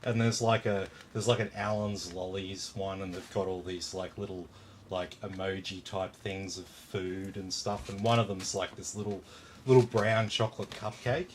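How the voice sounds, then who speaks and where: Australian man, casual rambling chat, lots of fillers, low voice, audible background noise. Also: fairly even intonation, normal speed. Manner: rambling storyteller, many fillers, swears casually. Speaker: PC builder hosting a live stream. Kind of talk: casual chat while working.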